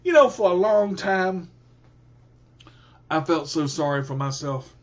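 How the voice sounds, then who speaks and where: A man's voice: on the high side, lively intonation, unhurried, muffled recording. A man hosting a radio show, giving an emphatic motivational talk in a preacher-like way and often repeating himself.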